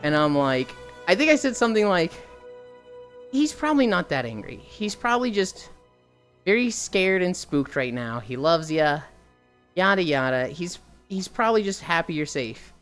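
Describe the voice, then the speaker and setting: A woman streamer telling a casual story while walking, lively and swearing, putting on higher voices when she quotes people. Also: moderate pace, clear, resonant tone, faint music behind.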